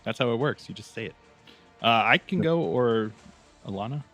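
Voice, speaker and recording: A man's voice: medium pitch, animated, moderate pace, fairly bright tone, soft background music. A man playing a tabletop roleplaying game, chatty and joking with his group. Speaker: player. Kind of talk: casual tabletop play.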